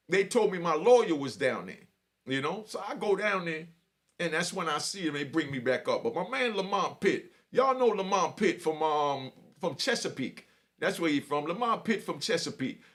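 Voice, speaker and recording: This middle-aged man, a vlogger, relates a personal prison story in earnest, emotional street talk, frequently checking in with the listener by saying "you know what I mean." His voice is on the high side and fairly bright, with lively intonation at a moderate pace.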